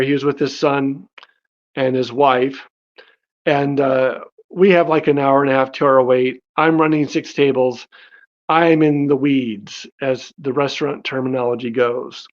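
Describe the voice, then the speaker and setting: A man casually telling his life story, animated, with many fillers and restarts. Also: mid-range voice, dull audio. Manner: animated, acts out quoted dialogue in his own voice.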